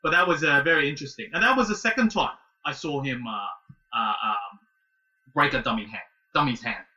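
A man in his late thirties telling a casual story as a guest, animated and halting, with many restarts. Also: fairly high pitch, distant mic, dull audio. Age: 30s. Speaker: guest, martial arts student.

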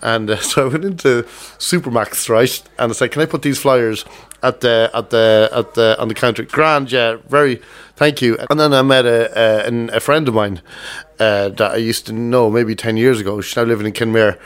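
A man's voice: mid-range voice, moderate pace. An Irish man co-hosting a comedy podcast, telling rambling stories full of fillers. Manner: rambling anecdotes with many fillers and laughs. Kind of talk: casual chat.

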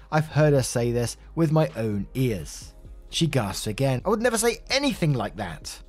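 A man's voice: mid-range voice, a little mellow. A man in his twenties narrating a personal story in a frank, casual, conversational way.

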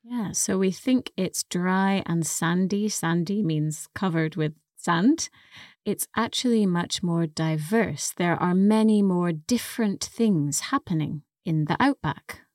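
A woman teaching English on a podcast. She speaks very slowly and carefully, with a slightly low voice. She breaks down words for learners, and the recording is dry and close. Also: a little mellow, no room sound. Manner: slow, careful explaining. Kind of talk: language-lesson podcast.

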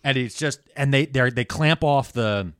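A man's voice: mid-range voice, normal speed, fairly bright tone, smooth, dry recording, studio quality. A man co-hosting a podcast, telling a story in a casual, jokey, profane way. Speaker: podcast co-host.

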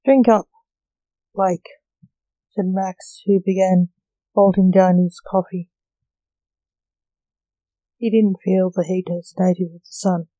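A woman reading a homemade story aloud in a slow, even manner. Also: lowish voice, no echo, lo-fi sound.

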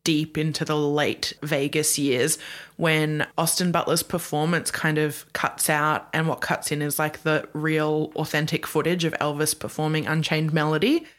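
Woman co-host, casual pop culture chat, lower voice, chatty, laughs a lot. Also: little pitch movement, moderate pace. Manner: chatty, lots of "like", laughs often. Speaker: podcast co-host.

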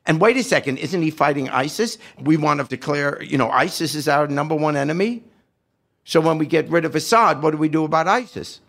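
A man's voice: fairly high pitch, expressive, brisk, fairly bright tone. An older man giving impassioned, indignant political commentary, firing off rhetorical questions with a sarcastic edge. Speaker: podcast guest.

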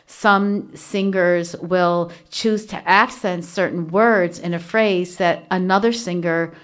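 A woman's voice: fairly low pitch, fairly even intonation, slow pace, a bit bright. A woman hosting a solo devotional podcast from a small home studio, talking earnestly and chattily with many fillers. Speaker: podcast host. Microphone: studio microphone with earphones.

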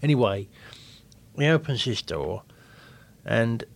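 A man's voice: mid-range voice, takes it slowly, creaky. A man, co-hosting a comedy podcast and telling a tall story, acting out the other people in it. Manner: animated, acts out characters. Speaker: podcast co-host. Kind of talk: comic storytelling.

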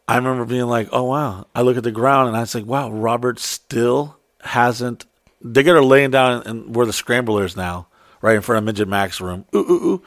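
Profane, animated storytelling man. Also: normal speed, no room sound, clean studio sound. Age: adult. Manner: profane, animated, acts out quotes in high voices. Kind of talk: casual storytelling chat.

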